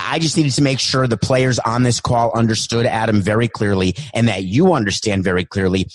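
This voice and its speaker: A man putting on a deeper voice to play a stern former star turned team owner, firm and commanding. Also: close to an everyday voice.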